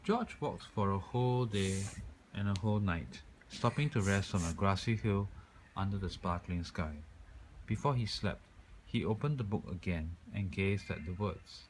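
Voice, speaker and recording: A man reading a children's picture book aloud in a calm, expressive way. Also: sits low, normal speed, a little hiss or hum, poor audio. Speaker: storyteller.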